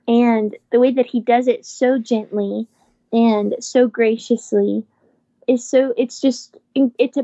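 A woman's voice: a little high, darkish tone, no room sound, lo-fi sound. A young woman guest on a podcast, effusive and encouraging as she speaks. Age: young adult. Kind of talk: conversational interview.

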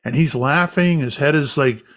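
A man guest in an interview, a medium, recounting an experience as a lively anecdotal storyteller. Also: a little high, moderate pace.

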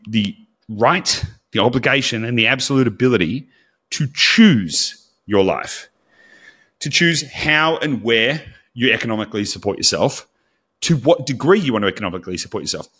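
A man's voice: medium pitch, expressive, moderate pace, a bit bright, breathy edge. A man co-hosting a podcast in casual chat, candid and blunt, with casual swearing. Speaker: podcast co-host.

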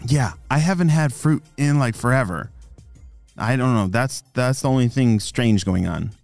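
A man voicing a young boy who panics easily, his voice going high and frantic. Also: lively intonation, creaky, a little mellow, no echo, soft background music. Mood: flustered. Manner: high, frantic and rushed when scared.

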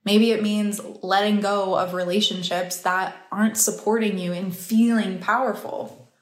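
A woman's voice: mid-range voice, steady tone, unhurried, echoey room. A woman who teaches breathwork and meditation, talking in a casual, heartfelt motivational monologue and laughing easily.

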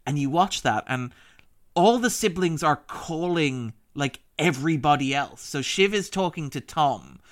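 A man's voice: fairly high pitch, expressive, a little slow. A man discussing a television drama in a casual, enthusiastic podcast chat, laughing often and quoting characters. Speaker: podcast critic.

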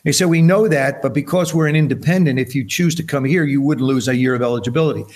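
A medium-pitched, fast voice belongs to a man in his seventies from New Jersey. On a podcast, he spins stories in casual talk and dramatizes the quoted dialogue with different voices.

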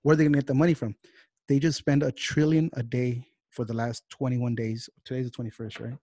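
A man in the middle of a casual podcast chat, getting fired up and swearing as he rants. His pitch sits in an average range. The sound is dry and close, with almost no room in it. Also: flat delivery, warm tone, no room sound. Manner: heated, profane, fast-talking rants. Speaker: podcast host. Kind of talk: casual political rant.

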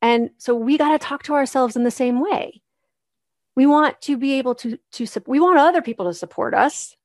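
A woman's voice: high-pitched, moderate pace, no room sound, clean studio sound. A woman hosting a solo podcast, coaching moms in a casual, encouraging way and acting out the voices she quotes.

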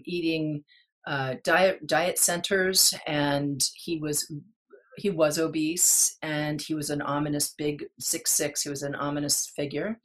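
A middle-aged woman, a guest in an interview, telling a personal story in an earnest, halting way with many restarts. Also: deep voice.

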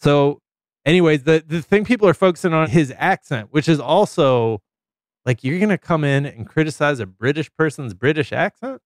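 A man's voice: a little high, expressive, brisk, no room sound, clean studio sound. A man co-hosting a podcast, chatting and riffing animatedly, swearing freely. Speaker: podcast co-host. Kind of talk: casual chat. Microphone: studio mic.

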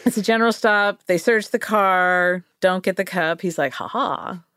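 A woman co-hosting a podcast tells a story playfully and casually, laughing often and acting out the voices she quotes. Her medium-pitched voice is fairly bright and resonant at a normal speed. The dry, clear recording is studio quality.

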